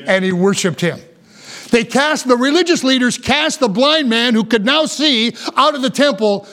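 High-voiced preacher. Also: male voice, animated, a bit bright. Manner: reads scripture slowly, then preaches with rising fervor. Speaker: pastor. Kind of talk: sermon.

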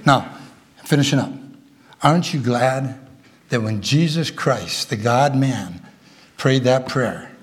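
A man's voice: medium pitch, slow pace, breathy edge. A middle-aged man preaching a folksy sermon, rambling through a ranch story with chuckles and talking straight to his congregation.

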